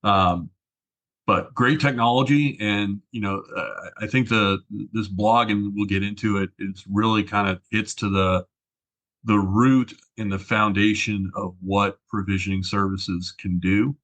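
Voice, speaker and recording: Low-voiced man reminiscing on a podcast. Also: steady tone, unhurried, a bit bright. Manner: reminiscing, chatty, filler-heavy. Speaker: regular podcast guest, tech specialist. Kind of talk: casual podcast chat.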